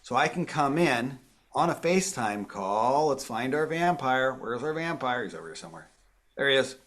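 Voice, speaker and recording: A man's voice: mid-range voice, animated, normal speed, fairly bright tone. A man presenting a live phone tutorial, walking viewers through each step in an upbeat, explanatory way. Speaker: tech presenter.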